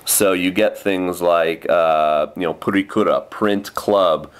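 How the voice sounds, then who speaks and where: A man's voice: sits low, fairly even intonation, slow pace, smooth. A young man teaching English in Japan, talking casually and ramblingly in a vlog, with lots of fillers. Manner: chatty, with many fillers and quoted kid voices.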